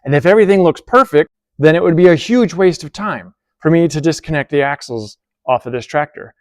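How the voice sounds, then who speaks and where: A man's voice: a little high, animated, a little fast, dry recording. Chatty man working on a tractor. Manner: thinking aloud, self-deprecating, bursts of amused laughter. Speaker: hobby mechanic vlogger. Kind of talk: casual workshop narration. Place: workshop beside a tractor.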